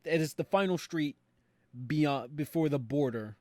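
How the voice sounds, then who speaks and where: A young man on a podcast, animatedly retelling a show with quick voiced quotes. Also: a little high, a little mellow, no echo. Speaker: podcast co-host. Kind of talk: casual recap chat.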